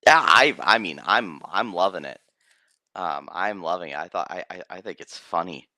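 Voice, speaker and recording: Low-ish bright voice guy, game master rambling thru a story, lots of ums and restarts. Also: lively intonation, normal speed, no room sound. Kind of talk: casual stream chat.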